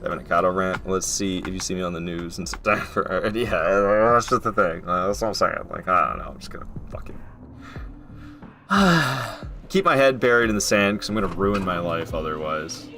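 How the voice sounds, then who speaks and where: A man's voice: deep voice, lively intonation, normal speed, pushed and bright, faint music behind. A young man streaming a game, chatting casually and swearing freely, working himself up into heated rants.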